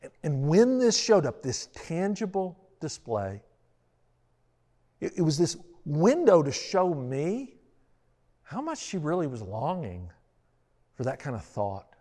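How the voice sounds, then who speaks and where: A man's voice: fairly high pitch, wildly swooping pitch, takes it slowly, long pauses, dark tone. A man telling a self-deprecating personal story as a pastor, in a storytelling sermon style. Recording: long reverb of a large hall.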